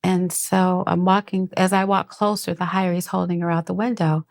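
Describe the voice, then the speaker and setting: A middle-aged woman telling her own life story as a podcast guest. She speaks haltingly, restarting sentences and acting out the voices of the people she quotes. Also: on the low side, flat delivery, gravelly. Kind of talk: personal testimony.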